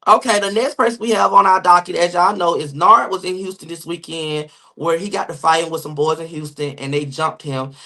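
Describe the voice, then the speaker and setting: A man's voice: on the high side, steady tone, gravelly, sharp tone, slight background noise. A man hosting a livestream gossip show, talking sassily and swearing at commenters in the chat. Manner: sassy, rapid, swearing, addresses chat viewers. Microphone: phone or webcam mic on livestream.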